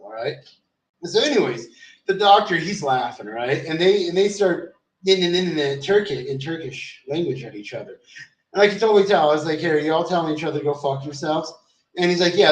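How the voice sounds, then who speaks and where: Man, casual rambling storyteller, frequent swearing, distant mic, echoey room. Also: on the high side. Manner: swears freely, loose and rambling with many fillers. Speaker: vlogger. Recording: roomy echo, distant from the mic.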